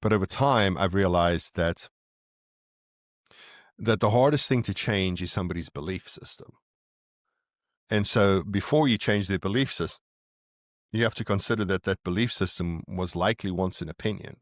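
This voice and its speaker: A man's voice: sits low, moderate pace, long pauses, dry recording, clean studio sound. A middle-aged man guesting on a podcast, earnestly explaining and telling stories from his own parenting. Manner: earnest, reflective storyteller. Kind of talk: conversational interview, explaining.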